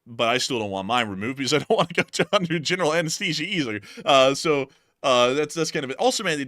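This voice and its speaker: A man hosting a live stream, jokey and upbeat, with a bright, forward tone. His pitch sits a little low, and the sound is dry and close to the mic. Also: no room sound. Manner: jokey, upbeat, filler-heavy. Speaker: live stream host reading super chats. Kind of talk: casual chat.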